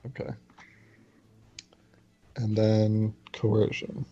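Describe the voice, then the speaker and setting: Hesitant player with a husky voice. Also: mid-range voice, completely flat delivery, drawn-out words, dark tone. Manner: hesitant, questioning. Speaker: tabletop player. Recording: dull lo-fi recording.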